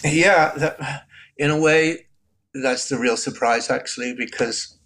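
A man's voice: medium pitch, takes it slowly. A man in his sixties from Northern Ireland with a Northern Irish accent, a guest telling his faith story in an interview in a reflective, emotional way. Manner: reflective, gets choked up, laughs softly. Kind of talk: interview testimony.

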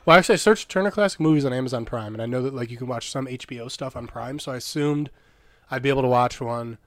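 A young podcast co-host with a mid-range voice talks fast in casual chat, rambling through a story with frequent laughs and swearing. There's no echo.

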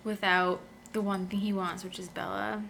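Bright-voiced joking woman co-host. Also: medium pitch, flat delivery, moderate pace, gravelly, slight background noise. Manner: bright, joking, laughs often. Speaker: podcast co-host. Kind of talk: casual chat.

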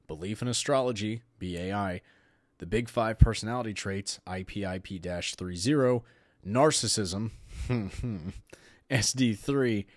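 A man's voice: lowish voice, dry recording, clean studio sound. A man hosting a podcast, talking casually and sarcastically, often laughing while he reads aloud. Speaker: podcast host.

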